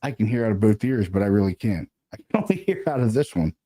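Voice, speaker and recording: A laid-back man talks shop as a paranormal investigator in easy, casual chat. His voice sits low and very dark and mellow, and he keeps tagging his points with friendly filler. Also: sing-song, fast. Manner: laid-back, peppers talk with "you know what I mean" and "man".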